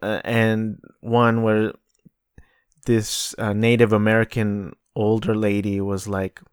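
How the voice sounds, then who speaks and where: Male solo podcaster, low-ish, slow, profane, dry close mic. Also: level tone, clear, resonant tone, dry recording. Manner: rambling, profane and sardonic. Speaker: podcast host. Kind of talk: casual solo monologue.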